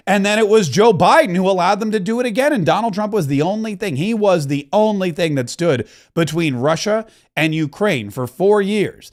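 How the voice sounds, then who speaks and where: A man hosting a political talk show, giving impassioned, opinionated commentary that repeats points and builds to emphatic peaks. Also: fairly high pitch.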